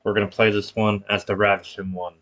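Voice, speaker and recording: A man's voice: on the low side, level tone, fairly quick, fairly bright tone, muffled recording. A man streaming a wrestling video game, calling the action play-by-play with casual slang. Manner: casual, hypes viewers with slang.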